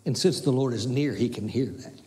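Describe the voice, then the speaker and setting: A pastor, preaching with emphatic repetition and folksy asides, sometimes dropping to a soft, near-whispered delivery. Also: male voice, medium pitch, a little fast. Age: 60s. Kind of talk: sermon.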